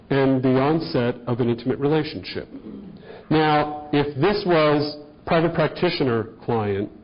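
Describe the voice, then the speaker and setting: A man's voice: mid-range voice, highs cut off. A man giving a conversational lecture to a live audience, posing questions to the room as he walks through cases. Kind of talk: continuing-education lecture.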